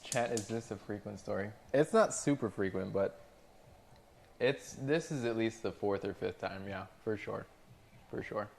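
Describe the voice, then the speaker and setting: A man's voice: fairly low pitch, a little slow, vocal fry, darkish tone, slight background noise. A man cooking on a livestream who talks to his chat and tells exasperated, profane stories about difficult restaurant customers. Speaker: restaurant cook streaming to chat. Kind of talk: casual livestream rant while cooking.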